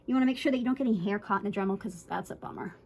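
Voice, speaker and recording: A woman's voice: mid-range voice, a little mellow, breathy edge, poor audio. A woman dog groomer giving a casual how-to demonstration, chatty and reassuring, often checking in with "right?" and playfully acting out a nervous dog. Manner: playfully acts out a scared dog in quick voices.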